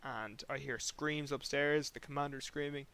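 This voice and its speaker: A young man hosting a podcast, telling a long rambling story in an animated way, acting out sounds and swearing casually. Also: medium pitch, normal speed, clean tone. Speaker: podcast host.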